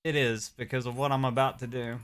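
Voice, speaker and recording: A young man streaming a game live, chatting casually and reacting with sudden loud outbursts. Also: mid-range voice, little pitch movement, a little fast, smooth. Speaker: gaming streamer. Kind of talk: live gameplay commentary.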